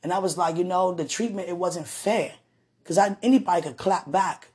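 Husky-voiced woman telling a story. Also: fairly low pitch, moderate pace. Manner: animated retelling that acts out quoted voices; religious, speaks of God and the Holy Spirit. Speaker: podcast host. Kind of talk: casual storytelling addressed to a partner.

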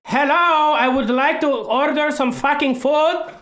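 A man voicing a loud, aggressive, scheming male comic character with an exaggerated put-on accent. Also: a little slow, crowd noise. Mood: aggressive ordering. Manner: shouting, high-pitched, exaggerated accent.

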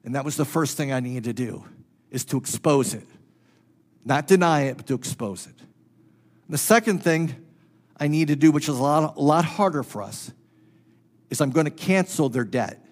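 Expressive and fairly high-pitched, a male pastor moves at a moderate pace through a sermon told as a personal story, pausing often. He shifts between loud and hushed moments and repeats phrases to underline them.

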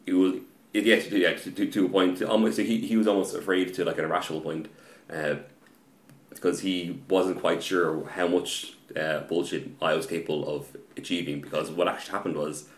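A man telling a story about a card game match in casual podcast chat, halting and repeating words, getting animated as the story builds. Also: low-pitched, reverberant.

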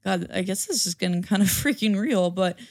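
Animated woman in her twenties, lots of "like". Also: mid-range voice, brisk, dry recording, studio quality. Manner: laughs often, says "like" a lot. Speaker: podcast guest. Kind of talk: casual chat.

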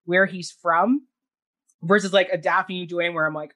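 A man's voice: sits high, a little fast, bright, forceful tone. A man reviews a stage production with his co-hosts in a loose, chatty way. He is opinionated and full of fillers and self-corrections. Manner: opinionated, lots of "like" and restarts. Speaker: theatre reviewer. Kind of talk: casual podcast review chat.

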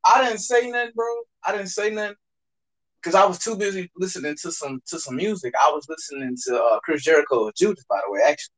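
A man's voice: sits high, quick pace, a bit bright, poor audio. A young man telling a story in a casual podcast chat, full of slang and swearing, often mimicking other people's voices.

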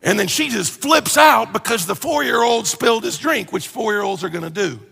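A man preaching a conversational sermon as pastor, animated and joking, acting out everyday complaints. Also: sits high, moderate pace, vocal fry, breathy edge, big-room sound, faint music behind.

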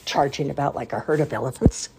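An older woman voicing a bossy mother elephant in a storybook reading, brisk, firm and stern. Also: a bass voice, creaky, background noise.

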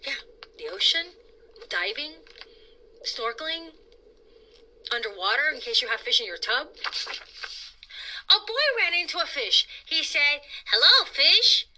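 A woman reading a picture book aloud for children with a high, very bright voice. Her pitch leaps around as she plays up each moment, and she takes her time over the words. The delivery is playful and dramatic throughout. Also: very animated, unhurried, pauses often, low-quality recording. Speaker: children's storyteller host. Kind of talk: animated read-aloud storytime.

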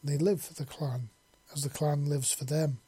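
Affectionate young woman as a male narrator puts her on, effusive, lifted pitch, husky. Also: fairly even intonation, moderate pace, mellow. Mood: warm. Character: warm emotional young human woman, affectionate.

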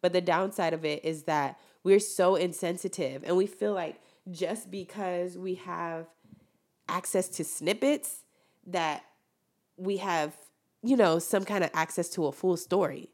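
Animated, preachy young woman host. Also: fairly low pitch, a little slow. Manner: animated, preachy, emphatic with sudden loud peaks. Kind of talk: casual opinion monologue.

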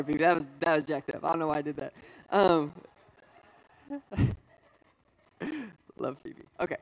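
A young man in his twenties preaching to a live audience, telling personal stories in a lively, conversational way with asides. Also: fairly high pitch, low-quality recording. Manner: storytelling, energetic and conversational, with asides. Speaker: pastor.

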